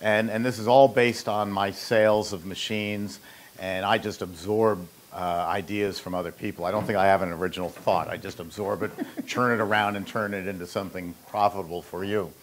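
Hosting a how-to show as an ice machine maker, a man talks casually about his trade, rambling through anecdotes with joking asides. His voice is fairly low, brisk, and fairly even in intonation.

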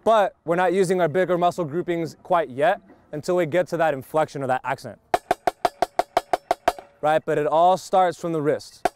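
A man's voice: fairly high pitch, normal speed, pauses often, loud music behind the voice. Drum instructor man, drumming behind. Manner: explains step by step, keeps checking understanding. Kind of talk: teaching snare technique to a group. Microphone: wireless lavalier mic.

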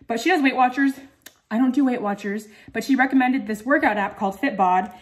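A woman's voice: fairly high pitch, a little fast. A young woman chatting casually in a home vlog, full of "um" and "like" and out of breath after a workout. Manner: chatty, many fillers like "um" and "like". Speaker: vlogger.

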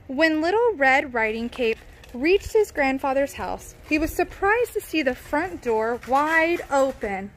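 A woman narrating a children's storybook aloud in a lively, playful way. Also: high voice, a little slow.

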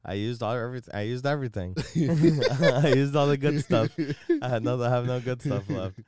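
A man's voice: mid-range voice, normal speed, smooth. A man who is a returning guest on a podcast, telling stories in a casual chat with lots of laughter. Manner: animated storyteller, laughing often.

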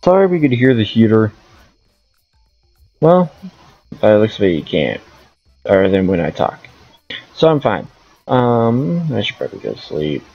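Streamer, male, low gravelly voice, thinks aloud as he plays; muffled lo-fi audio, soft music bed. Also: very animated, normal speed, long pauses. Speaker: gaming streamer. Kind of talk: casual gameplay commentary.

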